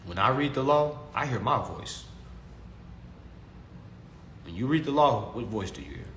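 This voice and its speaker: A man's voice: medium pitch, lively intonation, a little slow, fairly bright tone, slight background noise. A young man teaching consumer law in a casual, preachy talk to his followers, repeating himself and calling them family. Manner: preachy, repetitive, calls listeners family. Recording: echoey room with faint ambience.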